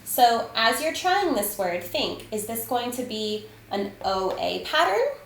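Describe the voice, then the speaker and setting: Slow, patient woman teaching spelling. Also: fairly high pitch, sing-song, fairly bright tone. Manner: slow, patient, sounds out words and counts aloud. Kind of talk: spelling lesson for children. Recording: echoey room, faint ambient noise.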